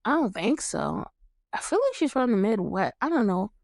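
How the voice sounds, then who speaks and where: A woman's voice: fairly high pitch, very animated, normal speed, vocal fry, darkish tone, no echo, studio quality. A young woman from New York hosting a podcast, chatting casually and animatedly, laughing often and swearing freely. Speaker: podcast host. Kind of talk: casual chat.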